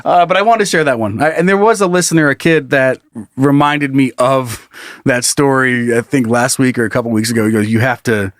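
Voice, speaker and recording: A middle-aged man co-hosting a podcast, telling a story in animated casual chat, swearing often and laughing mid-sentence. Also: medium pitch, a little fast, no echo, clean studio sound. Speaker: podcast co-host.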